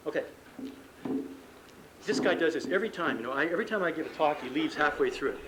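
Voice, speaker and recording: Male sports psychologist, fairly high voice, conversational seminar talk, acts out dialogue, faint hiss on an old tape. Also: animated, fast talker, long pauses. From Canada. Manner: conversational, acts out coach and athlete dialogue, self-deprecating humor. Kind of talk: live seminar lecture. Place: conference room before an audience.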